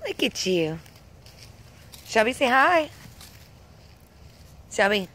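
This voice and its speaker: High, slow sing-song woman. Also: animated. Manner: sing-song, coaxing, repeating words for a small child. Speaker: parent talking to a toddler. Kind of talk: home video baby talk. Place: outdoors in a yard.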